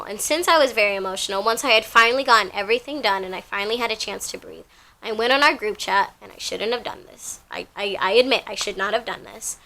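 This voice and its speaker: A woman's voice: on the high side, pushed and bright. A young woman telling a rambling, casual story from her job, full of fillers and repeats.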